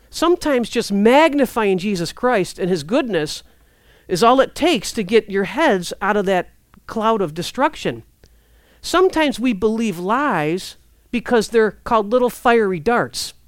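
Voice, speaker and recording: A woman preaching a sermon in a conversational, lively way, acting out prayers and inner thoughts. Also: on the high side, measured pace, no echo, clean studio sound.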